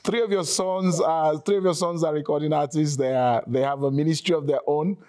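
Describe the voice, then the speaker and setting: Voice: medium pitch, fairly even intonation, fairly quick. An interviewer asking questions in a casual, affirming way. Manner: warm, affirming, with frequent murmurs of assent.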